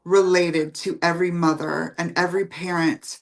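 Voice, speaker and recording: A woman hosting an interview, speaking gently and haltingly as she searches for words. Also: lowish voice, level tone. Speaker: host. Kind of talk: interview talk.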